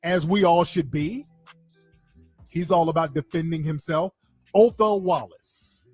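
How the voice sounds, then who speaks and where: A man giving casual, animated commentary straight to his viewers, repeating himself for emphasis. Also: a little high, measured pace, soft background music. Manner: animated, repetitive, talks to viewers directly. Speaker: online commentator.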